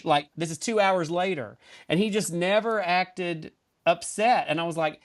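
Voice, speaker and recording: A man with a Southern US accent tells stories on a podcast with lively comic timing. His delivery is animated and chatty. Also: a little high, moderate pace. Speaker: podcast guest. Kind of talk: casual podcast storytelling.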